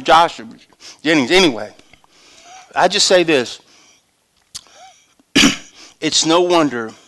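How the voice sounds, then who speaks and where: Animated older male pastor preaching. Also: on the high side. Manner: animated storytelling, shifting between loud and hushed. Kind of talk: sermon.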